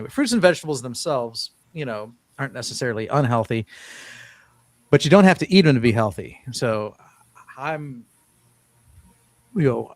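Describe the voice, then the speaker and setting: A man hosts a casual live-stream chat at an everyday middle pitch. His voice sits close and dry, with no room sound. He rambles easily, restarting phrases and reading viewers' questions aloud. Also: dry recording. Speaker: host.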